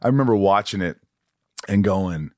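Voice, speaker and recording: A middle-aged man hosting a casual interview podcast, rambling and self-mocking with quick jokes. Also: low-pitched, no room sound, studio quality. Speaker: podcast host.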